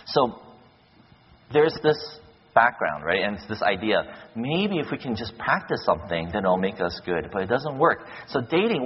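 A man preaching a sermon, telling stories with lively acted-out quotes. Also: medium pitch, breathy edge. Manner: animated storytelling with acted-out quotes. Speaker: pastor. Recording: dull echoey hall, lo-fi.

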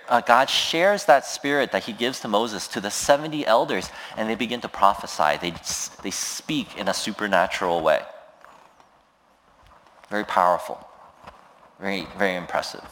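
A man's voice: mid-range voice, big-room sound. A man preaching a sermon, retelling a scripture story in a conversational way and voicing the people in it. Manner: retells scripture with lively voiced quotes, frequent fillers. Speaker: pastor.

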